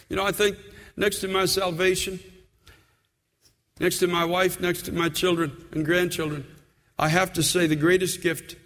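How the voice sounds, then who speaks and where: A man's voice: sits high, fairly bright tone, big-room sound. A man in his sixties, a pastor, preaching an earnest sermon full of personal stories in a church.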